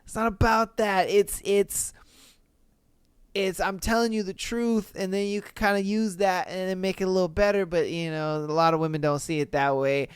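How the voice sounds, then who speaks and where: In a dry studio recording, a podcast host with a high, fairly flat voice reads listener posts at a moderate pace. His smooth commentary is casual and slangy, with laid-back, chuckling asides.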